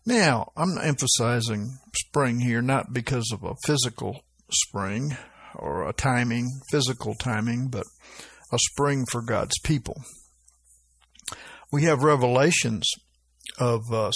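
Male preacher, slow deliberate delivery, informal sermon with scripture readings, dry close sound. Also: medium pitch, no room sound. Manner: unhurried, reads scripture with lifted emphasis, asks "right?".

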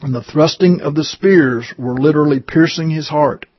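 A man's voice: on the high side, normal speed, no room sound, muffled recording. A man reading a religious testimony aloud in an earnest way, stumbling now and then, with his own comments in between. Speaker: reader.

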